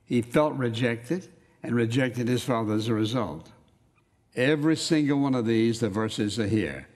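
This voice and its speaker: A man's voice: mid-range voice, lively intonation, darkish tone. Man preaching an emphatic sermon. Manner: emphatic, quotes scripture in slow dramatic readings.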